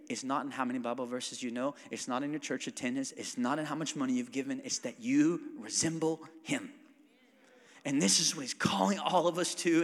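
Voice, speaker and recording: A male pastor preaching a sermon to his congregation, calling for amens and moving between loud preaching and quiet prayer. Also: medium pitch, big-room sound. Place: church sanctuary.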